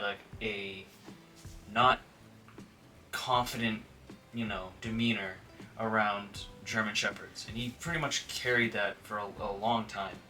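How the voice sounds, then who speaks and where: A man's voice: on the low side, bright, forceful tone, recorded from a distance. A man who works as a dog trainer, talking casually to the camera with lots of filler words and now and then acting out what dogs and owners might say. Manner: conversational, frequent filler words, acts out quoted dogs and owners.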